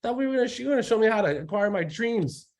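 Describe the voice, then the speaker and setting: A man imitating an overwhelmed, hesitant young male recruit who mumbles quietly and sounds unsure. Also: sits high, lively intonation, very fast, pitched above the performer's own voice. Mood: frustrated.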